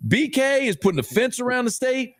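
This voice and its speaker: A man, a sports radio host appearing as a podcast guest, talking emphatically and teasing in quick bursts. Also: very high-pitched, big pitch swings, dry recording, studio quality. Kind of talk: animated podcast chat.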